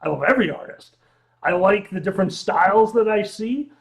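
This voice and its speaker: A man guesting on a casual livestream as an improv comedian, loud, excitable and swearing freely. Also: high-pitched, fairly quick, creaky, a little hiss or hum. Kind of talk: casual late-night livestream chat.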